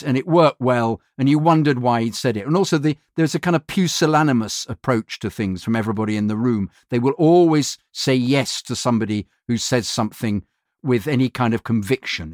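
A man's voice: mid-range voice, fairly quick, darkish tone, dry recording, studio quality. A male voiceover artist telling an anecdote in a rambling way, full of restarts and fillers. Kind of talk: anecdotal storytelling.

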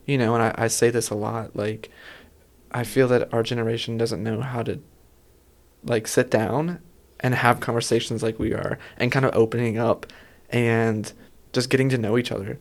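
Male host, casual chat; reflective, hesitant, medium-pitched voice. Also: level tone, moderate pace, vocal fry. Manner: reflective, hesitant, many fillers. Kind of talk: casual conversation.

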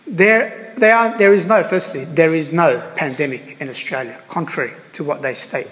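A man with a high voice preaches to his congregation, earnest and halting, often repeating himself and pausing on fillers. His words ring out with a long reverb in a church. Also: fairly bright tone. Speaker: priest. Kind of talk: sermon.

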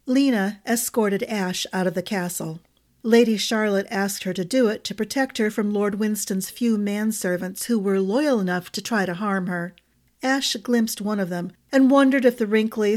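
Woman storyteller; steady, expressive fantasy narration. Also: medium pitch, moderate pace. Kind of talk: audiobook narration.

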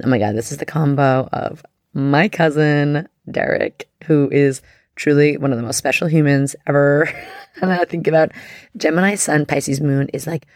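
A woman hosting an astrology podcast in a casual, effusive, heartfelt way, with lots of "like" and the odd soft whisper. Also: deep voice, vocal fry, dry recording, clean studio sound. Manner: effusive and heartfelt, heavy use of "like".

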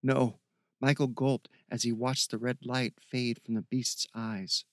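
A man reading a fantasy story aloud as narrator, in a steady, even storytelling voice. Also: medium pitch, unhurried, no echo, studio quality. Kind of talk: audiobook narration.

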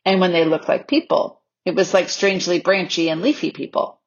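Husky woman reading a storybook. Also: lowish voice, steady tone, brisk. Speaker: audiobook reader. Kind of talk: storybook narration. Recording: slightly dull lo-fi recording.

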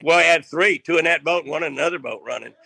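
A man's voice: on the high side, fast, creaky, bright, forceful tone, husky, no room sound. An older man telling a funny fishing story in a casual, rambling way, restarting lines and laughing at his own tale. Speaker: guest storyteller.

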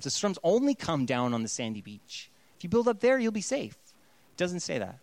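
A man with a high-pitched voice preaching a sermon in a playful, conversational way. He often acts out quoted voices. The sound is dry and close, with no room echo. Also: very animated, unhurried. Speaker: pastor.

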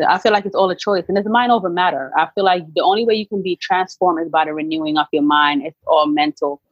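A woman's voice: fairly low pitch, fast, breathy edge, dry recording, highs cut off. A middle-aged woman, a guest on an interview show, telling her story earnestly and with emphasis. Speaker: guest, author and actress. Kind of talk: candid interview talk.

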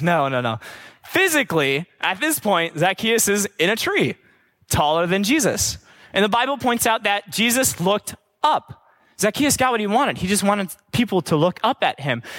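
Young male youth speaker, high bright voice, energetic and chatty. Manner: energetic, slangy, chatty asides. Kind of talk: casual Bible teaching.

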